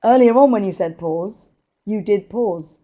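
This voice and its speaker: An energetic woman speaker, giving presentation tips in a live webinar and laughing often. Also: mid-range voice, measured pace, highs cut off.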